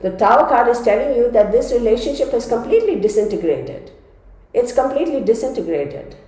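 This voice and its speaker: A congested woman giving a casual tarot reading, chatty and dramatic. Her voice is mellow and dark. It rings out in a very echoey room. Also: a little high, big pitch swings, brisk. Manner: chatty and dramatic, addresses viewers as y'all. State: congested from a cold. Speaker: tarot reader.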